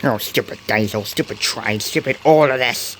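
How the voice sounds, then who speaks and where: A man's voice: mid-range voice, normal speed, a little hiss or hum, voice pushed down, lightly acted. A man voicing an angry, grumbling male toy-train engine in a homemade storybook reading. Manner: ranting, snapping. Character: hot-tempered male tank engine, grumbling.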